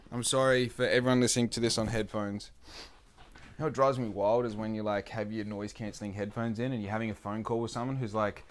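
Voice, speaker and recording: A man in early adulthood rambles through a casual monologue, swearing freely and joking at his own expense. His voice sits at an ordinary middle pitch. He circles back over his points in a loose, self-deprecating way.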